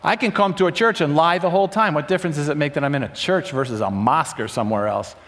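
A male preacher giving a sermon to a room full of people, swinging dramatically between loud urgency and hushed emphasis. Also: fairly high pitch, fast talker. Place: room with a congregation.

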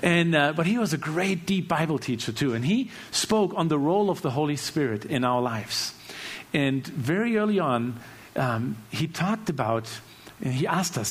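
A man from Germany with a German accent, giving an earnest testimony that swings from hushed lines to loud bursts. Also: high-pitched, lively intonation, normal speed. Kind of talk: testimony sermon.

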